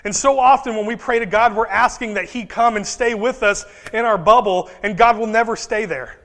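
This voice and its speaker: A man preaching a sermon as a pastor, animated and conversational, dropping into quick voices for Bible figures. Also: sits high. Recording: reverberant hall.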